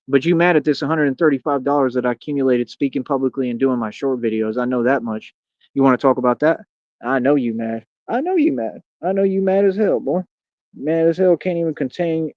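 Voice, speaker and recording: A man's voice: medium pitch, no echo. A man hosting a livestream, ranting and taunting his chat, often calling people "bro". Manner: combative, taunting, repeats "bro". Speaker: livestream host. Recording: dull lo-fi stream audio.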